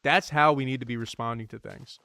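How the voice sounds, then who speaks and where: A man streaming a survival game, chatting casually in an animated, rambling, slangy way. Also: mid-range voice, brisk, vocal fry, no echo. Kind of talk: casual gaming commentary.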